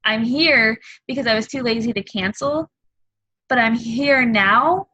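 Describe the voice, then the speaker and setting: A woman in her thirties tells her own story as a coach on a group call. She speaks openly and earnestly and stops often on ums. Her voice is bright and forward, and the sound is close and dry. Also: fairly high pitch, slightly rough, no room sound, highs cut off. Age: 30s. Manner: candid and earnest, halting with frequent ums. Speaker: fitness coach. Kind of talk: personal testimony on a group call.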